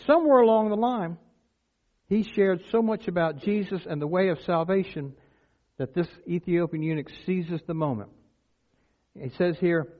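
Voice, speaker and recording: A man preaching a sermon, telling stories and then building to emphatic points. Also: a little high. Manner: storytelling, rises to emphatic exclamations. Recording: tinny phone-like sound.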